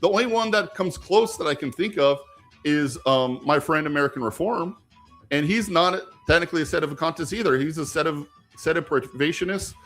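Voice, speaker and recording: A man's voice: fairly high pitch, fairly quick, a bit bright, soft background music. A man hosting a casual live stream while gaming, rambling with many fillers and turning emphatic when he argues.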